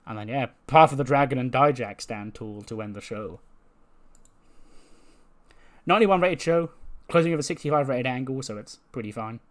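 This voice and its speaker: A young man with a relaxed, rambling way of talking, casually recapping a simulation game as the host. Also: mid-range voice, moderate pace, pauses often. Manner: relaxed, rambling, loose slang. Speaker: let's-play host.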